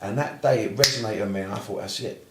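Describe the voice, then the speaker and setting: A blunt Cockney man who swears constantly, a therapist recounting his path in a relaxed interview. He talks at a quick clip, words tumbling out. The recording carries a roomy echo. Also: fairly low pitch, noisy background. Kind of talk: casual interview storytelling.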